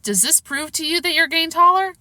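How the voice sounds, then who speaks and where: A woman's voice: very high voice, animated, fairly quick, bright, forceful tone, dry recording, pitched above the performer's own voice, full character voice. A woman voicing a patient mother who coaxes and reassures her young son. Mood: coaxing. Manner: soothing, coaxing.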